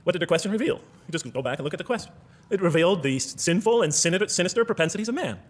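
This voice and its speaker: A man delivers an animated lecture with a fairly high voice that swings widely in pitch. He talks fast, reads verses aloud and keeps asking the room rhetorical questions. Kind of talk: lecture to a live audience.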